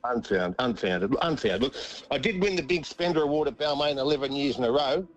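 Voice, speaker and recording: Here a former rugby league footballer, middle-aged and Australian, tells tales as an interview guest in a relaxed storytelling chat. He's animated and a little quick, with a mid-range voice, and he laughs and repeats himself, while the audio has its highs cut off.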